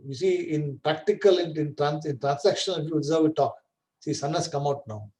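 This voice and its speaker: A man's voice: fairly high pitch, a little fast, darkish tone, poor audio. A man teaching a scripture class, explaining patiently and often checking that listeners follow. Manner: explains patiently, checks understanding with "right?" and "correct?". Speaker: Vedanta teacher.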